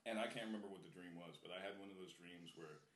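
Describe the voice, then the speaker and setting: A man co-hosting a podcast, relaxed and low-key, trading stories and agreeing easily. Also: fast. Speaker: podcast co-host. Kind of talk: casual chat. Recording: roomy echo, faint noise.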